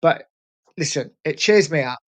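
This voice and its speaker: A man's voice: a little high, lively intonation, moderate pace. A man in his forties from England, hosting a fan channel and talking candidly and earnestly to his viewers, often repeating "listen". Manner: earnest, heartfelt and repetitive, often saying "listen". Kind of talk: candid vlog talk.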